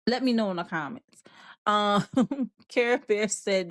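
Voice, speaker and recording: A woman's voice: medium pitch, takes it slowly, pauses often, no room sound. A woman hosting a live online show in a casual, rambling way. She laughs often and reads out viewer comments. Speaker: show host. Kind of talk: casual livestream chat.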